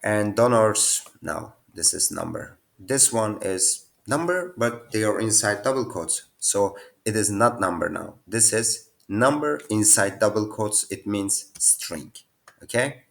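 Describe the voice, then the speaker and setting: Sitting at his computer, a young programming teacher casually explains the answers to a quiz in a screen-share tutorial, using non-native phrasing. He sounds animated and unhurried, with a fairly low pitch and vocal fry.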